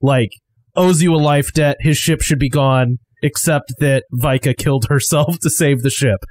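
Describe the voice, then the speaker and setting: A man's voice: a little high, moderate pace, a little mellow, no echo. A man who ran a tabletop campaign, chatting casually on a podcast, rambling with fillers and laughing easily. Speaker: game master.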